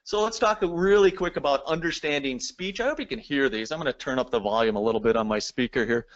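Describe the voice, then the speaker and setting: A man's voice: mid-range voice, quick pace, dull audio. A man giving a recorded lecture, explaining step by step and addressing the viewers directly. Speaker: presenter.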